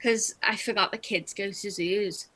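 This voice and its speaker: A woman's voice: mid-range voice, steady tone, unhurried, bright, forceful tone, low-quality recording. A young woman comedian doing a chatty, self-deprecating stand-up set over a video call, laughing between jokes. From England.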